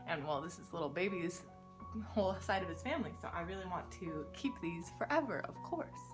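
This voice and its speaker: A young pregnant woman chatting casually in a home vlog, full of "like" fillers and sometimes dropping to a soft whisper. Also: on the low side, animated, brisk, music in the background. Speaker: vlogger. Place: her home.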